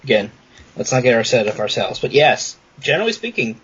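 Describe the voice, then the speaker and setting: Man, podcast co-host, animated pitch, muffled lo-fi mic, faint clicks. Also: a little fast, slightly rough. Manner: explanatory, steers the discussion. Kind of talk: casual book discussion.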